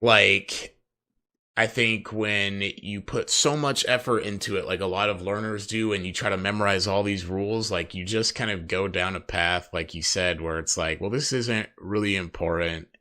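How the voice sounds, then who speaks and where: A man's voice: lowish voice, fairly even intonation, moderate pace, bright, forceful tone. A man hosting a casual interview, talking in a rambling way with many "like" and "uh" fillers. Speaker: host.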